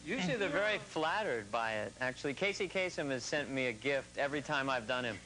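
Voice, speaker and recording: A man's voice: medium pitch, expressive, fairly quick. A man who is a comedy cast member, answering questions casually as a talk show guest and joking around. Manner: jokey, drops into impressions. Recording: noisy TV studio audio with loud audience. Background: studio audience.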